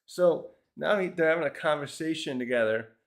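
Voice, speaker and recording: A man's voice: a little high, normal speed. A man casually reviewing a comic chapter, rambling through the scenes with lots of fillers and little chuckles. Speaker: manga reviewer.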